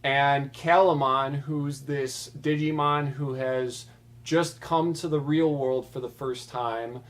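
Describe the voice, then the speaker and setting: A young man casually talking through funny cartoon scenes, chatty with many fillers. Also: mid-range voice. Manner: chatty, filler-heavy, relaxed. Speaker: video host.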